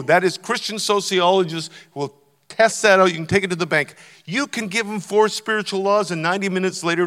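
An older man, a guest preacher, addresses a congregation in a church auditorium, speaking conversationally and emphatically as he urges them on. His voice is on the high side with a fairly bright tone, and the recording carries long church-hall reverb.

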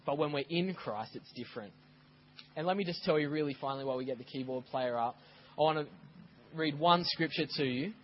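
A man preaching a sermon as a pastor, telling stories in a lively way and acting out scenes. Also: a little high, highs cut off, slight background noise. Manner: animated storytelling, acts out scenes. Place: church.

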